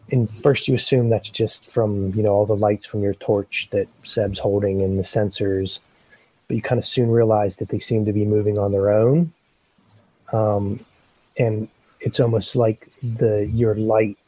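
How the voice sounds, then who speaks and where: Game master, male: low, husky voice, meandering narration full of fillers. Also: warm tone, low-quality recording. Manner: rambling, many fillers and restarts.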